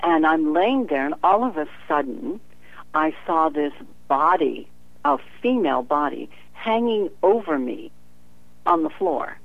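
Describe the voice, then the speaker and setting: A woman who works as a psychic recounts a story during a phone interview, her voice low, creaky, and unhurried, with a tinny sound and no room noise. She brings the dialogue to life and laughs frequently.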